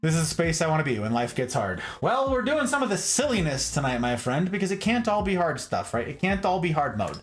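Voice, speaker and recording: A man hosting a late-night livestream from home, chatting playfully and warmly with his viewers and talking straight to them. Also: on the high side, a little fast, hardly any pauses, soft background music. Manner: playful, animated, talks straight to chat. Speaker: livestream host.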